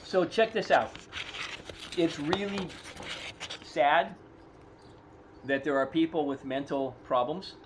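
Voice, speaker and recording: A man's voice: fairly high pitch, slow, pauses often, background noise. A man co-hosting a podcast in casual chat, teasing his partner and laughing often while he makes long, rambling points. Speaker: podcast co-host. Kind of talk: casual chat about motorcycle racing.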